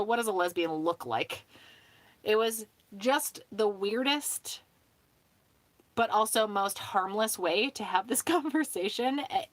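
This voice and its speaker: A woman's voice: medium pitch, fairly bright tone, no echo. A woman hosting a casual home stream, chatting in a rambling way, swearing freely and laughing often. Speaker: host of a sewing hangout stream. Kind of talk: casual chat.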